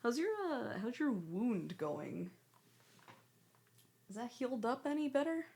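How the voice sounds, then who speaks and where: Young woman streamer, unhurried, gravelly fry, coos at her cat. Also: a little high, big pitch swings, a little mellow. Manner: cooing baby-talk to her cat. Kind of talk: casual stream chat.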